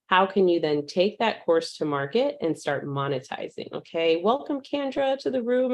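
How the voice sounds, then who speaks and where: Upbeat woman teaching a live online class. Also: deep voice. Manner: warm, upbeat, greets attendees by name; uses fillers like um. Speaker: online course instructor. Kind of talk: live virtual class with chat greetings.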